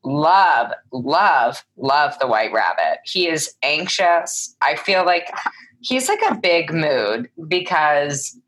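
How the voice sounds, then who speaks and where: A young woman co-hosting a casual chat, animated and full of fillers, swearing now and then. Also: deep voice, slow pace, a little hiss or hum. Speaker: podcast co-host.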